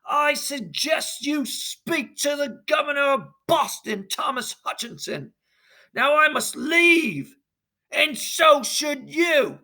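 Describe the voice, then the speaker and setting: A haughty, defensive merchant, put on by a man in a raised, commanding voice with a bright, gravelly edge. He speaks slowly and deliberately and orders people about in a classroom role-play reading. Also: very high voice, big pitch swings, voice pushed up, full character voice. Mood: dismissive. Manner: indignant, commanding, raising his voice. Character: indignant loyalist male merchant, haughty and defensive.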